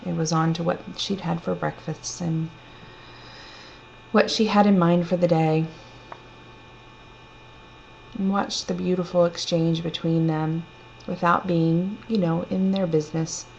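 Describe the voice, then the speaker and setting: A woman telling a personal story in a gentle, reflective, unhurried way. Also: lowish voice, little pitch movement, creaky. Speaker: storyteller sharing a personal testimony. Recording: dull lo-fi recording with faint hum.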